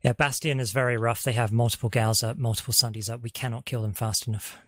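A man's voice: mid-range voice, steady tone, fast talker, fairly bright tone, dry recording, studio quality. A man leading a squad in an online game, giving hesitant status reports over voice chat with many fillers. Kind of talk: game voice comms.

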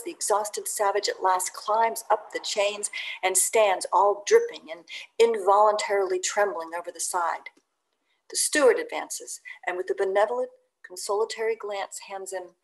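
A woman reading a classic sea novel aloud in an expressive, theatrical audiobook style. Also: medium pitch, moderate pace, poor audio. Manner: theatrical, swings loud on exclamations. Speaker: audiobook reader.

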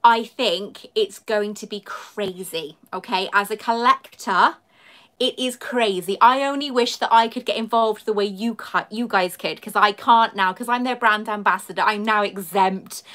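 A woman's voice: mid-range voice, moderate pace, bright, forceful tone. A woman chatting effusively with viewers on a live stream, greeting them by name as a YouTuber and collector.

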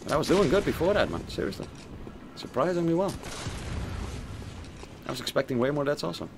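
A man's voice: fairly high pitch, expressive, fairly quick, background noise. Profane joking male game streamer. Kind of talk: casual gaming stream commentary.

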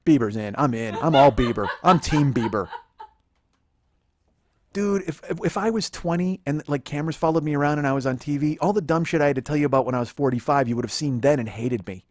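A man's voice: fairly high pitch, fast talker, hardly any pauses, a little mellow. A man in his forties hosting a comedy podcast, ranting in a rambling, profane way and mocking people with put-on quotes. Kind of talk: casual comedic chat. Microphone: close studio microphone.

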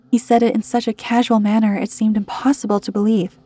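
A woman reads a scripted horror story in a measured, even way. Her voice is mellow and warm, with a husky edge. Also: a little high, no echo.

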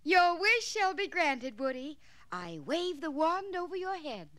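A woman's voice: very high-pitched, big pitch swings, a little slow, over a noisy crowd, exaggerated voice. A woman voicing a kind, patient fairy godmother who chants her spells in a sing-song way, on a vintage children's storybook record. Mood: enchanting.

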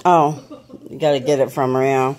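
A woman's voice: very deep voice, level tone, normal speed, a little mellow. A woman talking baby talk to dogs and a toddler at home, laughing often, filmed on a handheld phone. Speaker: vlogger, dog owner. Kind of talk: casual home video chat.

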